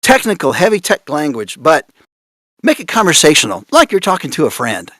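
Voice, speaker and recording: Animated man on a casting panel. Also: on the high side, fairly quick, no echo, clean studio sound. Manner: animated, laughing, reads out examples with amused disbelief. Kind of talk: conference panel talk. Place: conference room.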